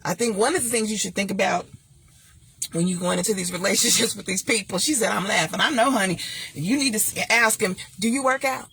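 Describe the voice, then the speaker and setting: A woman, chatting casually and sassily to viewers, preachy at times and laughing loudly. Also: a little fast, creaky, slightly rough. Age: 50s. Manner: sassy, preachy, laughs loudly and swoops high when joking. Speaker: host. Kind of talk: casual livestream chat.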